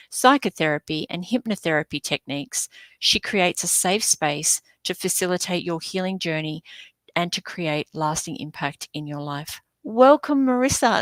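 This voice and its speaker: A woman's voice: lowish voice, a bit bright, dry recording. A woman from Sydney with an Australian accent, hosting an online business event over a video call with chatty fillers and small stumbles. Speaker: event host.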